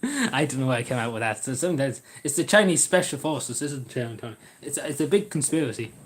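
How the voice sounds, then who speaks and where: A man's voice: mid-range voice, animated, fairly quick. A man vlogging in a rambling, casual way, swearing freely and drifting between topics. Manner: meandering, swears freely, laughs at own jokes. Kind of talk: rambling casual live chat.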